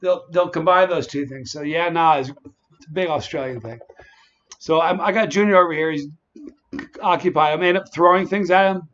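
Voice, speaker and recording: Man, a touch high-voiced, chatty stream host, dull lo-fi audio. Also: a little fast, a bit bright. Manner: chatty, greets viewers by name. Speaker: livestream host. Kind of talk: casual livestream chat.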